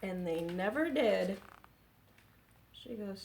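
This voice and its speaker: A woman children's librarian leading story time, gentle and expressive. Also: medium pitch, measured pace, a little hiss or hum. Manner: gentle, expressive, engaging kids.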